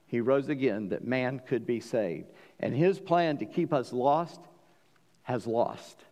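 In a church, a pastor preaches emphatically, swinging between loud declarations and quiet asides and asking the congregation questions. His voice is medium-pitched, with a long reverb tail.

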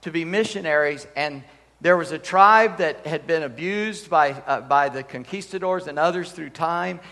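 A male preacher delivers a sermon with animated, emphatic storytelling and humorous asides. His voice sits a little higher than most men's. The church hall adds a long reverb tail behind every phrase. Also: moderate pace.

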